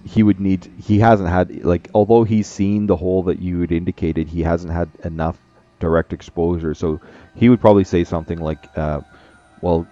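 A man's voice: low-pitched, fairly even intonation, normal speed, dark tone, muffled recording. A man narrating as game master, rambling with many fillers.

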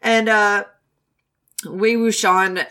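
A woman's voice: medium pitch, drawn-out words. A young woman co-hosting a podcast, reading a novel aloud and joking about it, swearing freely. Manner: laughing, profane and animated. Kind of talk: casual chat and read-aloud.

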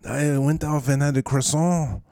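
A man's voice: medium pitch, takes it slowly, mellow, no room sound, studio quality, natural voice. Man doing a whiny mock-French injured player. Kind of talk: comic podcast skit.

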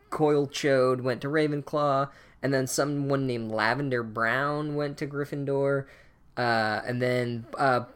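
A man's voice: mid-range voice, clear, resonant tone. A man giving a profane, sarcastic comedic recap of a book chapter, ranting as he goes.

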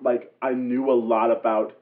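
A man's voice: medium pitch, level tone, normal speed. A man joking about his old tabletop character, laughing through his words. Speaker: tabletop game player. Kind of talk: casual group chat about a campaign. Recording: tinny, phone-like sound.

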